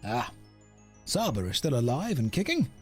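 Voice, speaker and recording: A man voicing a calm, helpful mountain guide who speaks in a mild, matter-of-fact way. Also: medium pitch, normal speed, husky, faint music behind.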